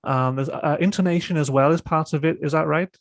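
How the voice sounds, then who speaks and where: A man's voice: fairly high pitch, fairly even intonation, fairly quick, no echo. A man hosting a webinar, clarifying terms for the audience and asking confirming questions. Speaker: host. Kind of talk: webinar moderation.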